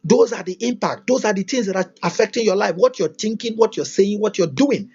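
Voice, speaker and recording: Guy doing a motivational livestream, keeps repeating himself and firing questions, voice sits high, sound's kinda muffled. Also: animated, brisk, darkish tone, slightly rough. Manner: emphatic, repetitive, full of rhetorical questions. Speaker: motivational teacher. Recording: dull lo-fi recording.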